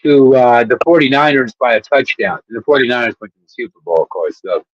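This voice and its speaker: A man's voice: medium pitch, animated, fast, no room sound, highs cut off. A man co-hosting a casual sports chat show, rambling and laughing as he tells stories. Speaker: co-host.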